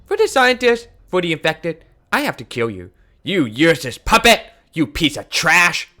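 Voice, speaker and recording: A man doing a vengeful young woman fighter from a game, voiced far above his own pitch. She sounds shrill, lively and sharp-edged, swinging hard between fury and fear. The tone stays bright and tense throughout. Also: normal speed, full character voice. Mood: furious. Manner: shrill and shouting, hurls insults. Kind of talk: reading game dialogue aloud.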